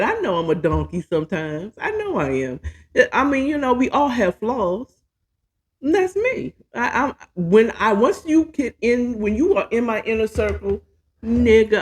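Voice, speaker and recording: Chatty, candid woman telling her story. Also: medium pitch. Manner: candid, profane, chatty and self-mocking. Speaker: podcast host. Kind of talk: casual personal storytelling monologue.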